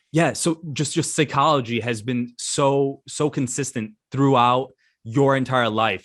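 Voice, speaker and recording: A young man hosting a casual interview, eager and enthusiastic, reacting quickly to his guest. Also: mid-range voice, fairly bright tone. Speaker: talk show host.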